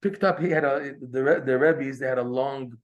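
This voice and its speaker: A man teaching a Torah class, telling a story in a lively way and acting out the quoted dialogue. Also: normal speed, highs cut off. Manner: animated, acts out quoted dialogue with raised pitch. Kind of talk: storytelling lecture.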